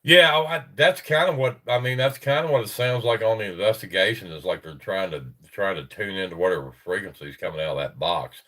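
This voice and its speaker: A man's voice: lowish voice, brisk, hardly any pauses, pushed and bright, far from the mic. A man hosting a paranormal chat show, talking casually and rambling with many restarts. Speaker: podcast host.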